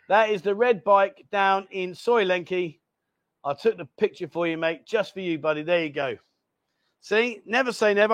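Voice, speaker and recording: Guy hosting a stream from a bar, high voice, chatty and apologetic. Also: fairly bright tone, no room sound. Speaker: livestream host. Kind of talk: casual livestream chat.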